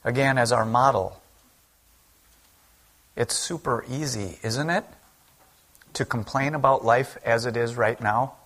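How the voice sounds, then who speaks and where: A man's voice: medium pitch, a little slow, pauses often, fairly bright tone. A man, a pastor, preaching a sermon in an earnest, conversational way at a church service. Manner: conversational, earnest preaching that acts out quoted speech.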